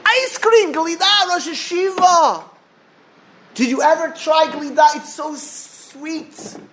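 A man voicing an eager, pushy young male yeshiva student who pleads in a high, insistent voice. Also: takes it slowly, a bit bright, full character voice. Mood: eager pleading.

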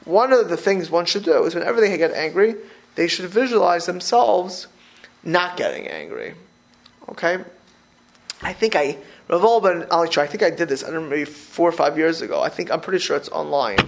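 A man, a rabbi giving an informal talk, rambling and repeating himself as he tells animated stories. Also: fairly high pitch, a little fast, vocal fry. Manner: rambling, repetitive, animated storytelling with restarts.

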